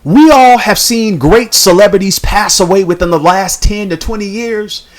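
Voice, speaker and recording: A woman's voice: medium pitch, normal speed. A woman YouTube commentator talking straight to her viewers, with the emphatic cadence of a sermon and lots of repeated phrases. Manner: casual, colloquial address to viewers. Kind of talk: preachy social commentary.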